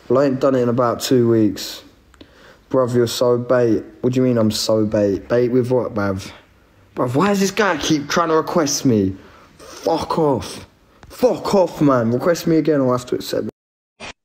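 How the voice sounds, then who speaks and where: A young man, chatting casually on a phone live stream, laid-back and slangy with plenty of swearing. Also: mid-range voice. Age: 20s. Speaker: livestream host.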